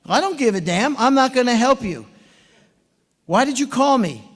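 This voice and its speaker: A man putting on a loud, gruff rival coach. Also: very high-pitched, expressive, moderate pace, in a large hall, pitched above the performer's own voice, heavily acted. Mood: angry. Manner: blustering, shouting refusals. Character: gruff combative male swim coach, loud.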